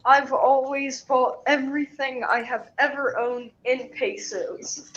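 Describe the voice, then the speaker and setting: A woman's voice: high-pitched, steady tone, slow, a bit bright. A woman in casual chat, teasing and sarcastic. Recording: slightly dull, faint hiss.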